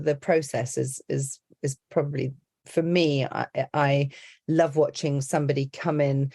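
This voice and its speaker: A woman who coaches accents, chatting as a podcast guest in a lively, laughing way that often breaks off mid-sentence. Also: a bass voice, no echo, studio quality. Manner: animated, laughing, self-interrupting storyteller. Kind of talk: casual interview chat.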